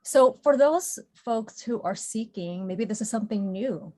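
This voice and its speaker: A woman's voice: fairly high pitch, animated, a little slow, a little mellow. A woman hosting an interview podcast, affirming her guest and asking open questions. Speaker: podcast host. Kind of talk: interview conversation.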